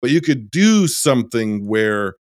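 A man co-hosting a casual film podcast, rambling through plot details and often trailing off quietly. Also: medium pitch, big pitch swings, a little slow, no echo, studio quality. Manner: rambling, trails off softly, many fillers. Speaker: podcast co-host.

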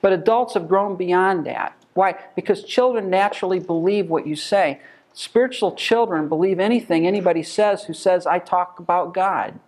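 Male Bible teacher, emphatic, rhetorical, voice sits a bit high. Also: moderate pace, darkish tone. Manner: emphatic, asks rhetorical questions.

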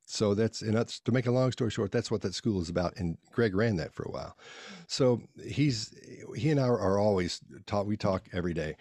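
A man with a lowish voice answers interview questions by spinning loose, folksy stories. He often circles back and restarts his sentences. The sound is dry, with little room around it. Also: expressive, a little fast, a little mellow, dry recording. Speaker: podcast guest, body language expert. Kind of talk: casual storytelling interview.

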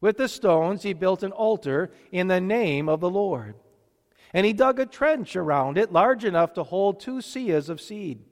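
A man with a fairly high voice reads scripture and preaches in a church at a measured, deliberate pace. His words carry a long reverb, as if spoken in a large hall. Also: animated. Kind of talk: scripture reading and sermon.

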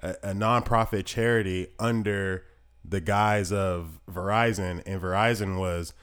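A man chatting casually with a friend, telling stories in an animated, slangy way. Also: low voice, unhurried, smooth. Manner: animated storytelling, swearing, slangy. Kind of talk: casual chat.

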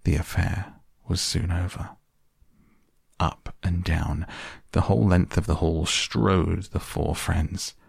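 A man reads a storybook tale aloud in a very deep, gravelly voice, taking it slowly and dramatically. The sound is close and dry with no room to it. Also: dry recording. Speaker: narrator. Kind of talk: storybook reading.

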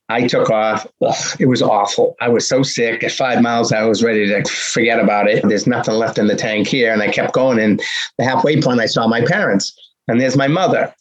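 A man in his sixties from the Boston area, telling his life story as a guest with animated, punchy repetition and acted-out dialogue. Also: mid-range voice, slightly rough. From Boston area, USA. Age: 60s. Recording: dull lo-fi recording.

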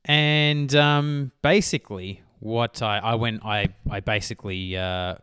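A man's voice: on the low side, unhurried, a bit bright, clean tone, no room sound, clean studio sound. A man in his thirties, a business coach talking casually and rambling on his podcast, often correcting himself mid-sentence. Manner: rambling, self-correcting, chatty. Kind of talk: solo podcast monologue.

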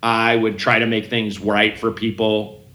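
Bright-voiced man telling rambling stories. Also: fairly low pitch, level tone, measured pace, reverberant. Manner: rambling storyteller, restarts and acts out quotes. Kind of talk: casual chat.

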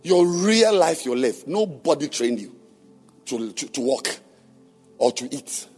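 A man preaching to church leaders, questioning members of the congregation and then shouting his points. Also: fairly high pitch, big pitch swings, a little slow, slightly rough, soft background music. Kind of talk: sermon. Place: church hall.

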